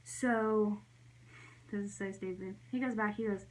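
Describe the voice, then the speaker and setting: A woman's voice: mid-range voice, steady tone, a little slow, darkish tone, rough recording. A young adult woman telling a storytime vlog in a chatty way, full of "like" fillers, her voice jumping up when she acts out her own reactions. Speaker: vlogger.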